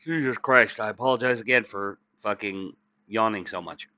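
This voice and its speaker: A man's voice: fairly low pitch, normal speed, bright, forceful tone, no room sound, dull audio. Tired, crude man reading the news. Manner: crude, sarcastic, stumbling over reading with many uhs. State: tired, yawning. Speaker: political commentary channel host. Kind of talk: profane political commentary, reading news aloud.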